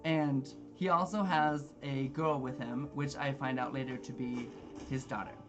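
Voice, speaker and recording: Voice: mid-range voice, steady tone, measured pace, over music. A gamer telling a long story while playing, rambling and exasperated, swearing freely. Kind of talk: casual storytelling with gameplay.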